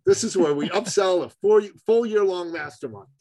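A man's voice: normal speed, no room sound, poor audio. Chummy man telling a story. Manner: animated, swings pitch widely for emphasis; chummy, calls the host buddy and brother. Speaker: entrepreneur guest. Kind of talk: storytelling in a podcast interview.

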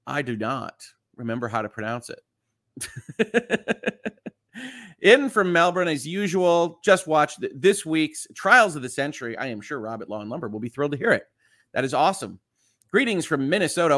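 A man's voice: fairly high pitch, sing-song, normal speed, a bit bright, no room sound, clean studio sound. A man who is a lawyer, hosting a casual live stream and reading viewer comments aloud in a chatty way, with lots of fillers. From Southeast Michigan.

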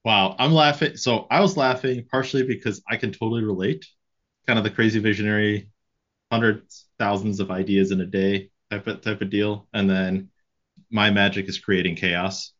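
A man hosting a business podcast talks in a relaxed, easygoing way. His voice is very low, and the recording sounds slightly dull and lo-fi. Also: normal speed. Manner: relaxed, thinking aloud, recommending books. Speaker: podcast host. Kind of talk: casual interview chat.

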